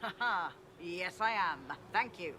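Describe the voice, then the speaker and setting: An actress voicing a formal, solemn female spirit who trains mages in a video game, speaking slowly and deliberately. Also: on the low side, heavy background noise, close to an everyday voice.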